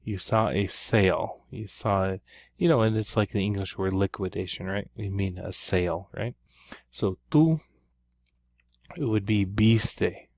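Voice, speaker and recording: A man's voice: on the low side, creaky, darkish tone, no echo, studio quality. A man teaching a Spanish grammar lesson, walking through exercises step by step and often checking in with "right?". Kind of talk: recorded classroom lesson.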